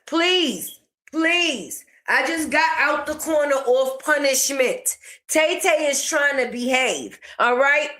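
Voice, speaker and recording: High-pitched and fairly bright, this woman's voice carries a sassy, slang-heavy commentary rant. She's an online commentator who mocks and sasses back at the person she's discussing.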